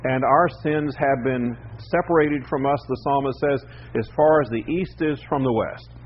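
Man teaching a sermon, pausing often. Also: medium pitch, slightly rough. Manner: measured teaching with frequent "uh" pauses. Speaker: pastor. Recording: slightly dull recording with faint background noise.

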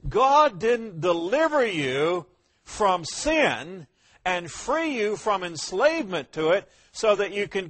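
A pastor with a high-pitched voice preaches a sermon, asking rhetorical questions and answering them emphatically. His volume climbs loud and then drops quiet.

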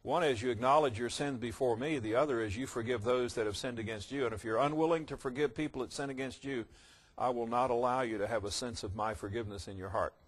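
A man preaching a sermon, telling a parable in his own words and swinging between quiet reflection and loud emphasis. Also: medium pitch, fast talker, breathy edge.

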